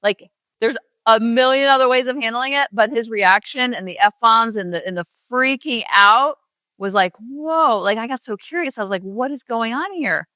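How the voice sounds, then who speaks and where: A woman's voice: on the high side, normal speed, sharp tone, no room sound. A middle-aged woman hosting a parenting podcast, talking in a chatty, rambling way with sarcastic asides. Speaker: parenting coach and podcast host. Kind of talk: casual podcast monologue.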